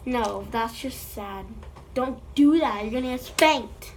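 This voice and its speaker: A woman's voice: fairly high pitch, takes it slowly, noisy background. A woman making a slime vlog, playfully chatting to the slime as if it were alive, recorded on a phone. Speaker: slime video creator.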